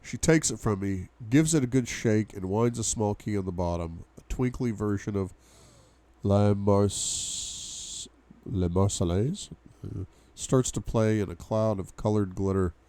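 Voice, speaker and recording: A man's voice: fairly low pitch, unhurried, dark tone. A young man reading a novel aloud for a book club, with asides to his viewers. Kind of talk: audiobook-style reading.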